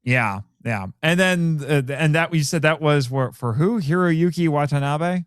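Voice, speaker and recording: A man's voice: on the high side, unhurried, clear, resonant tone, no room sound, studio quality. A man chatting casually on a podcast about films, reading out cast names as he looks them up. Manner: chatty, reads out cast names while looking things up. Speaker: podcast co-host.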